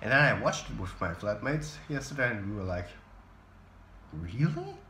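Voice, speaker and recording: A man's voice: fairly low pitch, animated, fast talker, bright, forceful tone, slight background noise. A young man in his twenties chatting casually to camera in a vlog, opinionated and self-deprecating, at home. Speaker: vlogger. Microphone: camera mic. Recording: roomy echo.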